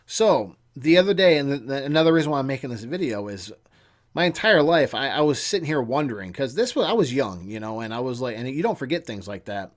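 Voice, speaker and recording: A man in his thirties, a channel host, telling a personal story in a casual, earnest way, halting at times and often dropping to a hushed tone. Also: medium pitch, sing-song.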